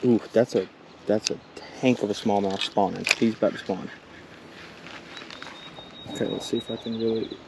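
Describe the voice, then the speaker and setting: A man vlogging as he fishes a creek outdoors, excitedly talking to the fish he catches. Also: fairly low pitch, moderate pace, vocal fry, long pauses. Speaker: fishing vlogger. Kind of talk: casual outdoor commentary. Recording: outdoor camera audio with water noise. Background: running water and outdoor noise.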